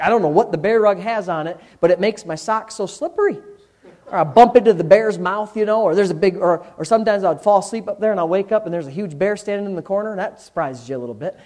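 Preaching his sermon with a high voice, the pastor speaks frankly to the congregation, alternating loud outbursts with quiet asides.

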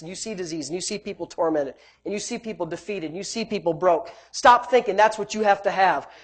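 Here a preacher's sermon swings from booming emphasis to soft, low asides. He lingers on important phrases, repeats himself often, and keeps addressing the congregation directly.

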